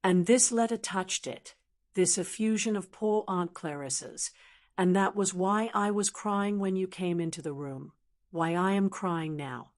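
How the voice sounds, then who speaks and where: A text-to-speech woman's voice reading the lines of a proud, troubled young woman in a storybook, in an even, measured way. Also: lowish voice, lightly acted. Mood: confessing. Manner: even, measured synthetic delivery.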